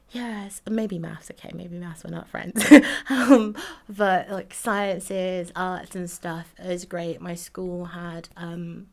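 A woman's voice: lowish voice, gravelly, slight background noise. A woman in her twenties from Jamaica, recalling her childhood in a chatty interview, full of fillers and laughs. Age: 20s. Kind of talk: casual recollection.

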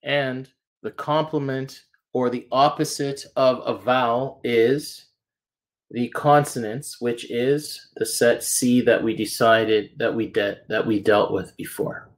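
A man's voice: medium pitch, fairly even intonation, takes it slowly. A man teaching a math lesson, walking through each step patiently and checking in with "okay?" and "right?" as he goes. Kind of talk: classroom lesson walkthrough.

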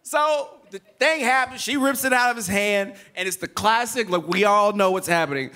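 A man's voice: high-pitched, moderate pace, few pauses. A man in his thirties preaching a sermon, telling funny family stories in casual slang. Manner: animated, humorous storytelling in casual slang. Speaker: pastor.

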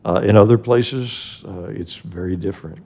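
Older male guest, gravelly, mellow tone; earnest personal storyteller. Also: low voice, normal speed. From grew up in an African village. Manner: earnest and emotional, rising when moved. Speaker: guest, charity president emeritus. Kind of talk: personal storytelling in a podcast interview.

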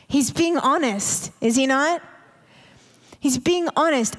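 This woman's sermon has an intimate feel, her slightly high voice moving slowly and often sinking to a whisper to stress a point. The recording carries the live reverb of the large church hall she's in.

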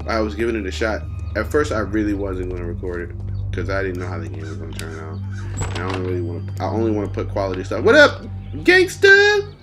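A relaxed man chats over his gameplay in a slangy, rambling, playful way. His voice sits a little low. Game music plays clearly behind him through the whole recording. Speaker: gaming YouTuber. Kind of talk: casual gameplay commentary.

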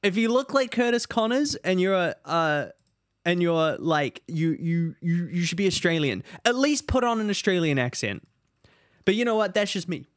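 A man streaming a game, rambling in animated casual commentary and talking to his chat. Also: high voice, normal speed, no room sound, clean studio sound.

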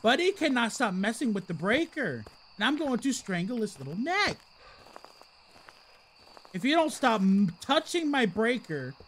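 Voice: mid-range voice, very animated, a little slow, long pauses, a bit bright, slight background noise. A game streamer talking through a live ghost-hunting session, chatty and exasperated, mock-cursing at the game and chatting with viewers. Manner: chats with viewers in the live chat. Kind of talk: live gameplay commentary.

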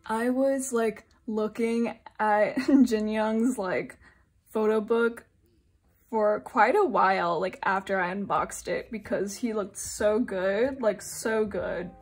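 A young woman from Singapore chatting casually while unboxing albums, giggly and gushing, now and then breaking into high squeals. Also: slow, faint music behind. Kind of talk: excited casual chat.

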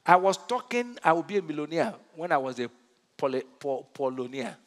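A man's voice: fairly high pitch, very animated, normal speed. A man preaching a sermon as pastor, emphatic, quizzing his congregation with call-and-response questions. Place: large church hall. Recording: reverberant church hall.

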